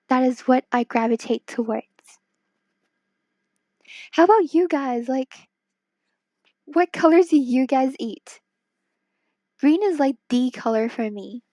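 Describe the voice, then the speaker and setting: Woman streamer, excitable casual chat, dry close sound, earbud mic. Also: high-pitched, no echo. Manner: chatty, giggly, excitable. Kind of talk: casual chat with viewers while drawing. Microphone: wireless earbuds.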